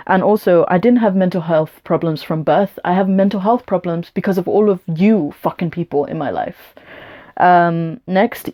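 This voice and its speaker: A woman's voice: medium pitch, normal speed, mellow. A young woman from England vlogging a storytime rant, blunt and combative, swearing often as she answers a hostile comment.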